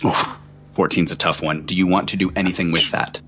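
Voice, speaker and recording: A man's voice: low-pitched, steady tone, fairly quick, fairly bright tone, breathy edge. A man narrating a tabletop game as game master, with vivid descriptive storytelling.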